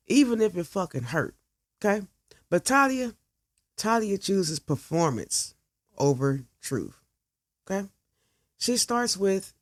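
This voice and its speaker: A woman's voice: low voice, no echo. Sassy, profane woman storyteller. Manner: sassy, profane, chatty asides. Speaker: podcast host. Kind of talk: dramatic storytelling narration.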